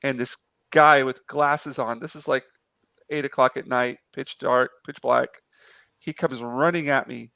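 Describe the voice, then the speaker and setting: A man's voice: mid-range voice, gravelly, bright, forceful tone, no room sound. A man chatting casually on a live art stream, telling a long story with many fillers and restarts. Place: apartment in a city.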